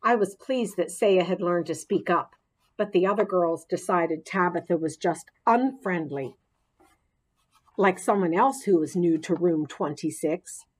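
A woman reading a children's chapter book aloud in an expressive, playful storytelling manner. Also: lowish voice, unhurried, breathy edge. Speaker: audiobook reader.

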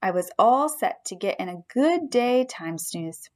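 A woman narrating a children's story aloud in the first person, with expressive storytelling. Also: medium pitch, measured pace. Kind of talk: audiobook storytelling.

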